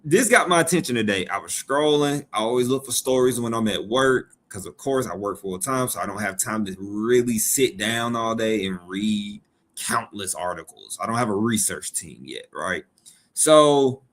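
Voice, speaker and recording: A man's voice: medium pitch, fairly bright tone. A man from Georgia hosting a live stream, reading chat aloud and joking. He talks casually and playfully, repeating his phrases.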